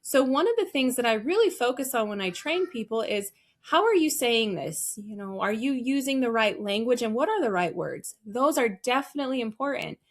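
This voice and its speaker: A woman coaching listeners on how to sound on the phone. Her voice sits a little on the high side, and she talks with energy and plenty of emphasis, like a trainer explaining her craft in an interview. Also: expressive, moderate pace, few pauses. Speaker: guest, customer service voice trainer. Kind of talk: podcast interview answers.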